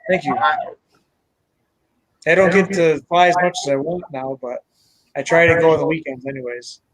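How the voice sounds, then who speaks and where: Man, stream host, casual chat, slightly high voice, dry close sound. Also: steady tone, normal speed, no room sound, poor audio. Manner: chatty, greets viewers by name, laughs often. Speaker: channel host.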